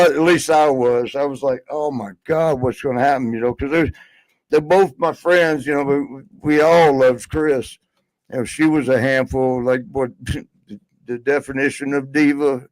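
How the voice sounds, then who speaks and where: A man's voice: fairly high pitch, darkish tone, no room sound, low-quality recording. A man telling a long road story in casual podcast chat, rambling with many fillers. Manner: rambling, lots of fillers and laughs. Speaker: podcast guest.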